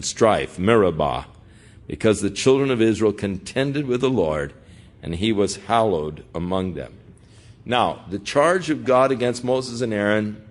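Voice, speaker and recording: Older pastor teaching with lively pitch. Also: male voice. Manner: earnest, conversational, asks the listeners direct questions. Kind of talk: expository Bible teaching.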